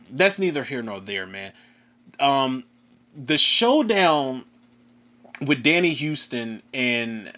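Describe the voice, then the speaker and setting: A man with a Philadelphia accent ranting casually through a film review, animated and profane, ending his phrases with "man". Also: medium pitch. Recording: dull lo-fi recording.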